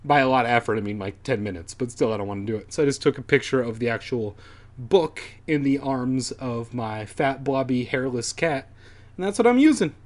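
A man's voice: mid-range voice, animated, a little fast. A man reading a children's horror book aloud for comedy, with irreverent, swearing asides. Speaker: reader.

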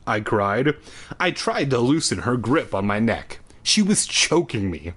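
A man with a husky voice reads a children's book aloud at home for laughs. His pitch swings widely as he reads. He keeps breaking off into crude, sarcastic asides. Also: big pitch swings, a little slow, fairly bright tone. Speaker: reader.

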